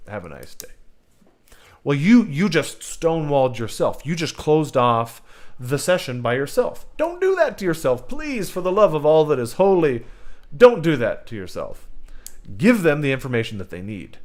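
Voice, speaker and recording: A man's voice: fairly high pitch, big pitch swings, moderate pace, darkish tone. A man hosting a livestream who gives tabletop game-master advice, emphatic and rambling, talking straight to his viewers. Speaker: host teaching game masters.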